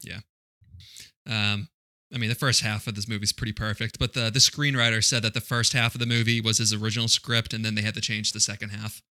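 A man talking through a movie's plot in a crude, joking podcast chat. His voice is very bright and forward. The recording is close and dry. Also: on the low side, level tone, fast, dry recording. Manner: crude joking, recaps plot with mocking asides. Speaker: podcast co-host. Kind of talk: casual movie-review chat.

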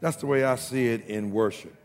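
A man preaching a sermon in a church, often shouting and building rhythmic repeated lines, with a gravelly voice. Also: mid-range voice, fairly quick. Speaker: pastor. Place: church sanctuary. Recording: long reverb of a large hall.

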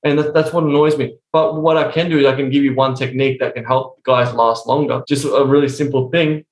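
A young adult man speaking as a coach in a casual podcast interview, swearing constantly as he tells animated stories. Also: medium pitch, brisk. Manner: profane, animated storytelling. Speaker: sex and intimacy coach, guest. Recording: roomy echo.

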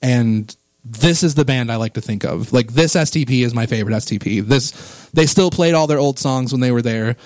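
A man's voice: mid-range voice, normal speed, a little mellow, dry recording. Enthusiastic rambling male podcast host. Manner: enthusiastic, rambling, gets emotional about music. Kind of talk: casual music podcast chat.

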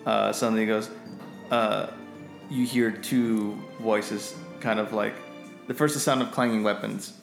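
A man's voice: on the low side, steady tone, a little slow, creaky, roomy sound, over music. A man narrating as game master in a casual, rambling way. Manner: casual, many fillers and restarts.

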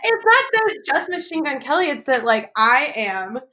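A woman's voice: sits high, sing-song, normal speed, bright, forceful tone. A young woman co-hosting a casual podcast, teasing and laughing easily. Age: young adult. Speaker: podcast co-host. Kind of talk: casual chat.

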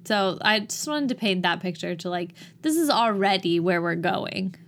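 A woman's voice: mid-range voice, expressive, moderate pace, fairly bright tone. Playful woman co-hosting a casual chat. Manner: playful, self-mocking, giggly. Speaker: podcast co-host.

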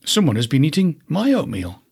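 Mama Bear is a fussy, motherly bear in a storybook, put on by a man. She speaks a little higher than he does, husky and fretful. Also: huge pitch swings, brisk, a little mellow, heavily acted.

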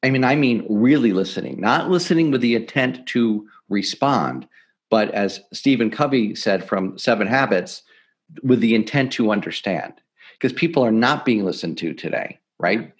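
A middle-aged man, a podcast guest, explaining sales techniques in an energetic, emphatic coaching manner. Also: fairly low pitch, normal speed. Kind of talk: podcast interview, teaching sales tips.

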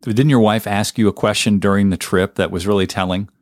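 A man's voice: lowish voice, fairly even intonation, fairly quick, no room sound, studio quality. A man interviewer asking brief, inquiring questions.

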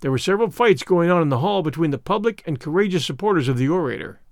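Dry, fairly high male audiobook narrator. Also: animated, dry recording. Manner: measured, storytelling.

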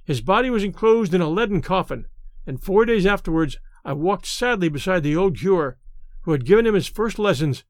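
Man, narrator, high voice, dry close recording, measured dramatic reading. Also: expressive, no room sound. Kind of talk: scripted story narration.

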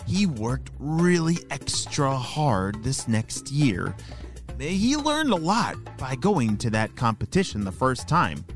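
A man narrates a children's story with a slow, unhurried pace and a very lively, swooping pitch. He explains things directly to young listeners, with faint music underneath. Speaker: children's podcast host. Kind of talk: storytelling for kids.

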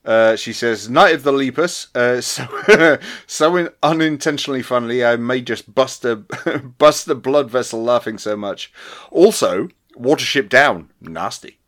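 A man reading out listener messages on a chatty podcast, his voice sitting at an ordinary middle pitch. He laughs a lot, trips over his own restarts and swears casually as he goes. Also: unhurried, fairly bright tone. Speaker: podcast co-host.

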